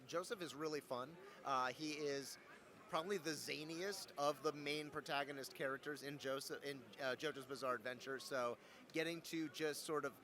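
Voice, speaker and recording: Playful man with a bright, lively voice. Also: a little high. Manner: playful, joking, animated storyteller. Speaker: voice actor guest. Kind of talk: casual interview chat.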